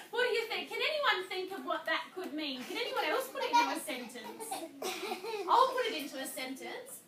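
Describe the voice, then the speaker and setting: High-voiced teacher, slow and far away. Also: female voice, sing-song, a loud crowd. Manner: slow, clear, drawn-out words clapped in syllables. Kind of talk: classroom reading lesson. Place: classroom. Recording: echoey classroom recorded from afar, with noise.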